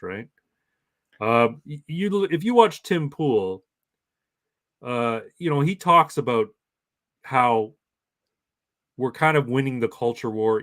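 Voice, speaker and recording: A man's voice: mid-range voice, no room sound. A man in his forties from Canada, chatting casually as a podcast host, rambling along with many false starts and repeated words. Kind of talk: casual chat.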